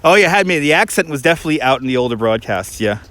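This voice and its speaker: A man with a Brooklyn accent, a tour guide, chats casually on a livestream while walking through a snowy park. His voice is fairly high, animated and sharp, and he talks quickly, often restarting and laughing.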